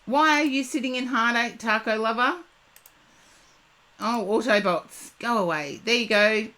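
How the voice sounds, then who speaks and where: This Australian psychic in her fifties has a fairly high, bright and forceful voice. Talking loosely to her live stream audience, she drifts from one tangent to the next and draws her words out.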